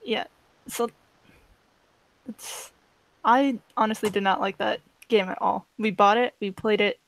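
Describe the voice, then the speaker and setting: A woman co-hosting a gaming podcast, chatting in a frank, relaxed way. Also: mid-range voice, unhurried, creaky. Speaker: podcast co-host. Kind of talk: casual chat.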